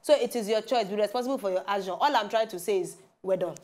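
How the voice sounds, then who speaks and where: A woman's voice: mid-range voice, quick pace, a little mellow. A woman with a Nigerian Pidgin accent, co-hosting a TV talk show in a teasing, chatty way. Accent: Nigerian Pidgin English. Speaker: TV show co-host. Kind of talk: casual chat presenting news stories.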